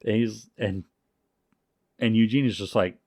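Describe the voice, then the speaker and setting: A man co-hosting a podcast, telling a story in casual, profane, animated talk. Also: fairly low pitch, a little slow, no echo, clean studio sound. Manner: animated, profane, full of restarts.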